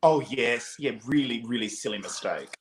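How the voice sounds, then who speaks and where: Blunt host with lively pitch in an echoey room. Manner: blunt, quick to react. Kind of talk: casual chat. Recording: echoey room with faint background noise.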